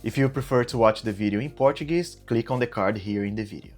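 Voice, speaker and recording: A man teaching English in a video lesson, explaining slowly and deliberately and exaggerating rising and falling intonation in his examples. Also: medium pitch, faint music behind.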